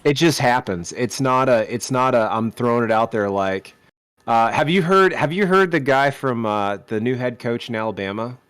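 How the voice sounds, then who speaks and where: A man's voice: medium pitch, moderate pace, fairly bright tone, smooth, dry recording. A man co-hosting a casual chat podcast, rambling and joking and often restarting his phrases. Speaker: podcast co-host.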